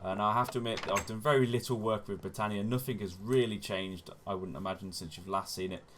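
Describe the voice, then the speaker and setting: A man's voice: on the low side, quick pace, noisy background. A man hosting a gaming channel, giving chatty step-by-step gameplay commentary and often correcting himself as he goes. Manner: chatty, self-correcting, often says "wonderful".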